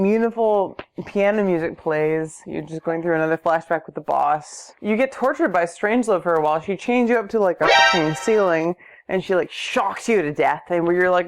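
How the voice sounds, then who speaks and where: A woman's voice: lowish voice, moderate pace. A tipsy woman narrating a comic recap, rambling and swearing, with lots of "like". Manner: rambling, swearing, full of likes.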